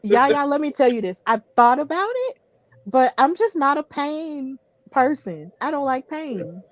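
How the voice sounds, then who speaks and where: A woman's voice: high voice, animated, unhurried, dry recording. A woman hosting a wrestling podcast, chatty and giggly, often repeating herself. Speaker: podcast host. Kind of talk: casual podcast interview.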